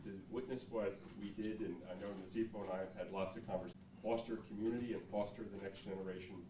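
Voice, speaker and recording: A man with a Southern American accent giving an earnest, measured formal speech as a guest speaker at an event. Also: fairly low pitch, background noise. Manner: earnest, measured, lists points deliberately. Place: event venue podium. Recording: echoey hall mic from a distance, room ambience.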